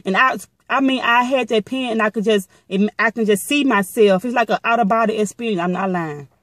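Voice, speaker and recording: A middle-aged woman vlogger telling a story to her viewers in a blunt, profane and animated casual way. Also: medium pitch, dry recording, clean studio sound.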